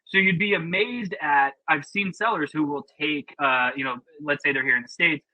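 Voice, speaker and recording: A man's voice: on the high side, moderate pace, bright, forceful tone, no echo, rough recording. A man presenting a webinar in a casual, chatty, opinionated way with plenty of fillers, over a video call.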